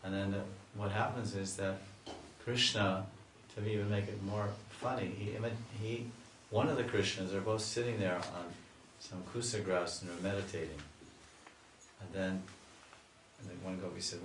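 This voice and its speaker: A man, a swami, telling a devotional story in a slow, lingering sermon style. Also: deep voice, fairly even intonation, fairly bright tone, a little hiss or hum. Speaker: swami giving a spiritual talk. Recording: echoey room, mic far off.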